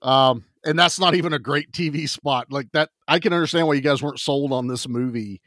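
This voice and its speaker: Guy hosting a movie podcast, laughs a lot, kinda high, dry mic. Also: a little fast, no echo. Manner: animated, laughing storyteller. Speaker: podcast co-host. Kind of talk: casual movie chat.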